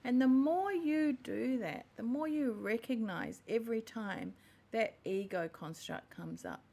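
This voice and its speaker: This woman's voice is a little high, gravelly and warm, and she talks a little slowly. Hosting a podcast, she offers an earnest personal monologue, pausing often to rephrase.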